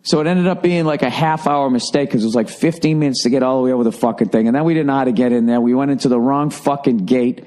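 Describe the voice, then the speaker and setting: A man hosts a solo podcast and spins a loose, rambling story. He swears constantly, cuts himself off mid-thought and pokes fun at his own ego. His voice sits at an ordinary middle pitch. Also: fast talker, few pauses, warm tone. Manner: profane, rambling, self-mocking. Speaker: podcast host.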